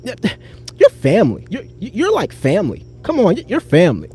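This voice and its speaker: A man doing a breezy young woman, high and easygoing. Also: wildly swooping pitch, moderate pace, a little mellow, slightly rough, faint music behind, full character voice.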